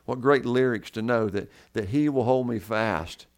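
A man's voice: medium pitch, normal speed. Earnest male pastor repeating for emphasis. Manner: earnest preaching, repeats key words for emphasis. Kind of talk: sermon.

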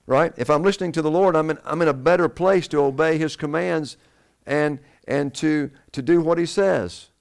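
A man's voice: fairly high pitch, normal speed, vocal fry. A man preaching a sermon to his congregation, asking them questions and answering them himself. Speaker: pastor.

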